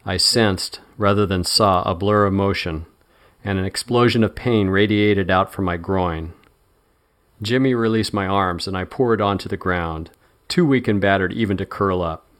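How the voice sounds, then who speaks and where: Male narrator with a lowish voice for a first-person audiobook. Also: moderate pace, fairly bright tone.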